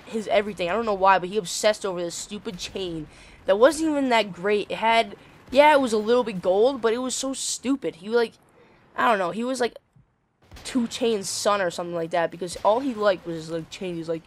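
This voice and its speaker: A man's voice: high-pitched, a little fast, a bit bright. Rambling teenage guy telling a story. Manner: rambling, filler-heavy, swears casually. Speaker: gaming channel host. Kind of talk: casual storytelling over gameplay.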